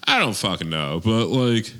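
A man's voice: fairly low pitch, sing-song, normal speed, sharp tone. A man co-hosting a casual chat, rambling and wry, often restarting his sentences. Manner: rambling, self-correcting, wry. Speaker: podcast co-host.

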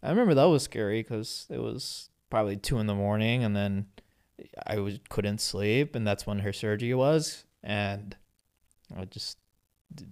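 A young man co-hosting a podcast who talks candidly in casual chat, often halting and restarting his sentences. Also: lowish voice, a little mellow, clean tone. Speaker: podcast co-host.

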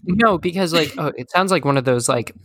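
A man's voice: fairly high pitch, expressive, fairly quick, fairly bright tone, no echo. Guy cohosting a chatty podcast, rambles with lots of ums, dead dry sound. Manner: rambling, filler-heavy, teasing. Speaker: podcast co-host. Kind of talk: casual chat.

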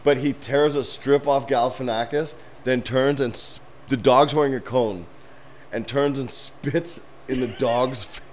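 A man in casual conversation, retelling film scenes with a lively, laughing energy and a middle-pitched voice. A faint hiss of noise sits under his voice. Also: unhurried. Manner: animated storyteller, laughs while retelling scenes. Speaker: podcast co-host. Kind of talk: casual chat.

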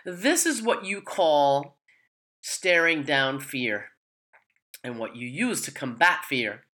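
A woman hosts a casual podcast, her low voice still ringing bright and forward. She chats loosely, wandering through her points with fillers and little laughs. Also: very animated, slow pace, poor audio. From New York / New Jersey area. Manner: chatty, rambling with fillers and occasional laughs. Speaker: podcast host.

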